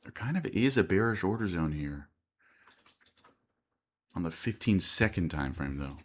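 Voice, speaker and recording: A man's voice: deep voice, expressive, unhurried. An American man commenting on live day trading on a stream, thinking aloud and reading out chat questions. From United States.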